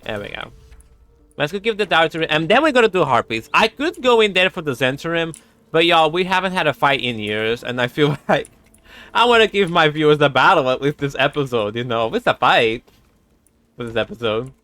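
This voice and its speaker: A man streaming a video game, chatting casually and excitably, cooing fondly at animals and laughing often. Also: fairly high pitch, brisk, dry recording. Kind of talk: casual gameplay commentary.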